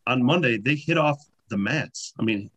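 Bright-voiced man telling stories. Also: mid-range voice, normal speed, lo-fi sound. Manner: animated anecdotes, many fillers. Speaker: podcast guest. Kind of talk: casual storytelling.

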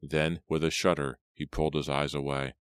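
A man with an extremely deep, smooth voice narrates an audiobook. He reads dramatically and slows down and gets louder for the characters' lines. The sound is dry and close. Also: little pitch movement, no room sound.

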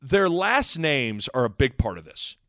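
Animated sports podcast man, lively pitch. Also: unhurried, loud music behind the voice. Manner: rambling, self-correcting, animated. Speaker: podcast co-host. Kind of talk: casual sports talk.

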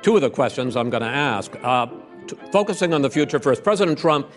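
An older man moderating a televised debate, measured as he presses the candidates with questions. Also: mid-range voice, expressive, soft background music. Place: large debate hall.

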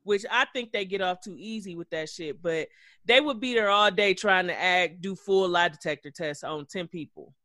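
A man co-hosting a podcast, recapping reality TV in an animated, gossipy way with plenty of cursing. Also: sits high, moderate pace, dry recording, clean studio sound. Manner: animated, gossipy, profane storytelling. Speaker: podcast co-host. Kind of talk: casual reality-TV recap chat.

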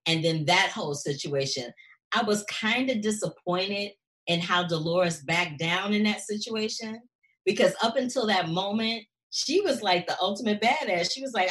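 A woman co-hosting a casual recap chat, talking in an animated way and acting out characters' lines. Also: medium pitch, normal speed. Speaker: show co-host.

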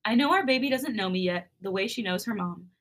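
A woman's voice: mid-range voice, expressive, brisk. A woman podcast host reading a romance fanfic aloud, breaking off for casual, chatty asides.

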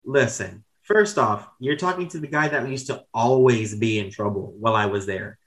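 A man in his thirties, with a medium-pitched, slightly bright voice at normal speed, rambles through candid stories as a podcast guest in a casual storytelling chat. He swears casually and corrects himself, and the audio quality is poor.

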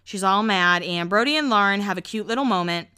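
A young woman talks through a reality show in a loose, gossipy way, acting out what people said and laughing often. Her voice is bright and smooth. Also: mid-range voice, fairly quick. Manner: chatty, laughs often, acts out quotes. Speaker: podcast host. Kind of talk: casual chat recapping a reality show.

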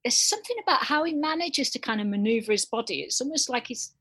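A woman's voice: on the high side, expressive, fast talker, fairly bright tone, slightly rough. A woman chatting on a call from her bed, teasing and laughing easily. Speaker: guest quiz setter. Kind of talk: casual chat on a call. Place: at home in bed.

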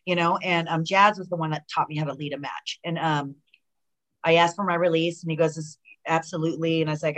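Guesting on a relaxed interview chat, a retired pro wrestler in middle age spins stories full of "like" and "you know," often restarting. She talks quickly in a slightly low voice and leaps into quoted dialogue with real animation.

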